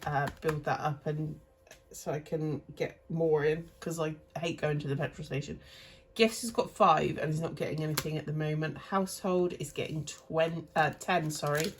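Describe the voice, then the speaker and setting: A cash stuffing vlogger in her thirties chats casually while sorting cash into budget envelopes, rambling and correcting herself as she goes. Her voice is deep, with slight background noise.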